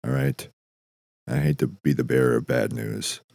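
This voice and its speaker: Deep gravelly deadpan man. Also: fairly quick, dry recording. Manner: dry, deadpan, profane. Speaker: podcast host. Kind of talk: deadpan comedic monologue.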